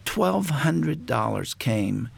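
An older man, a guest on a talk show, telling a personal family story in a reflective way with many pauses. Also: mid-range voice, sing-song, vocal fry, husky, no echo.

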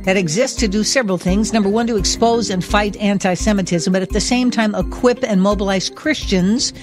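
A woman's voice: medium pitch, music in the background. Emphatic woman talk radio host. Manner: emphatic, enthusiastic, speaks slowly for emphasis. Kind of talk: talk radio monologue and interview.

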